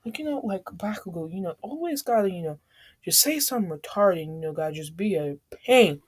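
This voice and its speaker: A woman's voice: lowish voice, animated, brisk, breathy edge. Rambling, slangy woman storyteller. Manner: rambling, slangy, filler-heavy. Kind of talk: casual fan-story retelling.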